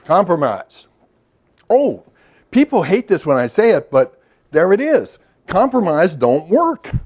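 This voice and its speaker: A man's voice: high-pitched, a little mellow. A middle-aged man giving a workshop lecture in a loose, storytelling way, with asides and questions to the audience. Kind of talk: recorded lecture to a professional audience.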